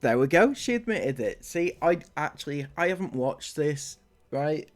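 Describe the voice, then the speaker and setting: A man's voice: on the high side, big pitch swings, normal speed. A man hosting a commentary channel, reacting to clips with mocking, sarcastic remarks and many fillers.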